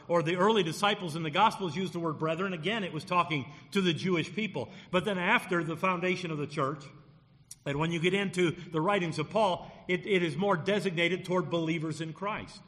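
Male pastor, bright and forceful tone, punchy emphasis on key words, long hall echo. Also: high-pitched. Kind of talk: sermon.

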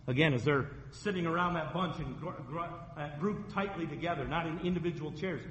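Storytelling preacher in a reverberant hall. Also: male voice, on the high side, fairly quick, hardly any pauses, fairly bright tone. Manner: storytelling preacher, acts out quoted voices. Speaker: pastor. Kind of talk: sermon.

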